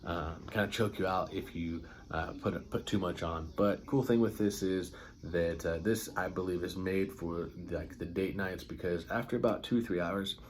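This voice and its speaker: A man's voice: deep voice, normal speed. A man casually reviewing colognes, enthusiastic and rambling, with lots of ums and filler words. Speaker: fragrance reviewer.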